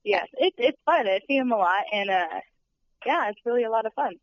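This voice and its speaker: A woman's voice: a little high, expressive, fairly quick, dry recording. A young woman who works as a studio tour guide, chatting in a bubbly, giggly way with lots of fillers. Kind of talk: casual interview chat. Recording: dull lo-fi sound.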